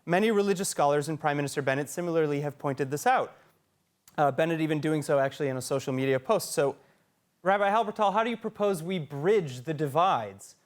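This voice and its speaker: News anchor interjecting, slightly high voice. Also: male voice, fairly quick. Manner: tries to interject, polite but persistent. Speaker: news anchor moderating a debate. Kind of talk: news moderation.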